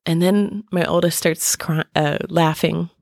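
Middle-aged woman on her podcast, lowish voice with fry, lots of um and like, dry close sound. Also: fairly even intonation, darkish tone, no room sound. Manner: halting, searching for words, many fillers and restarts. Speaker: podcast host. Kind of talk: personal podcast talk.

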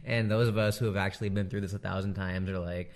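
A man doing a casual comedic monologue, animated and slangy, laughing often as he riffs. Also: sits low, fast.

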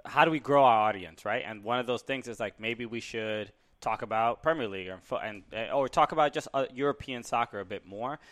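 A man's voice: medium pitch, brisk, few pauses, a bit bright. Hesitant male podcast co-host. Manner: hesitant, many restarts and uh's. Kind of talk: casual podcast chat.

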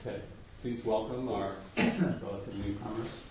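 A man hosting a meeting, introducing the guest speaker with hesitant pauses and a dry joke. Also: lowish voice, steady tone, far from the mic, background noise. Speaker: meeting host. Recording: echoey room, off mic.

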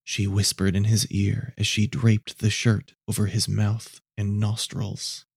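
A man narrating a scripted story in a measured, low-key way. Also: completely flat delivery, darkish tone, slightly rough, dry recording, clean studio sound.

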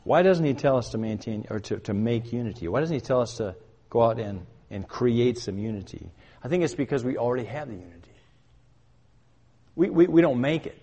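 An older man preaching a sermon, his voice carrying with a long reverb like a large hall. His pitch sits in an ordinary middle range. He speaks emphatically, puts questions to the congregation and rises to loud, urgent commands. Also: animated, fairly quick, husky, highs cut off. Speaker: pastor.

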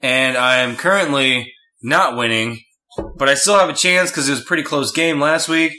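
A man's voice: mid-range voice, normal speed, pushed and bright, low-quality recording. A man co-hosting a podcast in casual chat, teasing and dryly pushing back on his partner. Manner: teasing, dry pushback. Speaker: podcast co-host.

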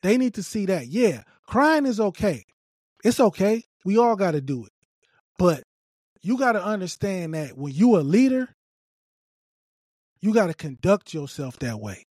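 A man's voice: high voice, sing-song, a little slow, pauses often, a little mellow, dry recording, studio quality. A man giving emphatic, repetitive opinion commentary on a video clip, scolding and lecturing.

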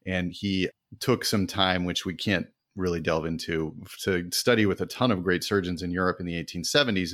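A man's voice: low-pitched, a bit bright, dry recording, clean studio sound. A man co-hosting a podcast, chatty and laughing often as he tells a history story. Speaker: podcast co-host. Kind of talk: casual history chat.

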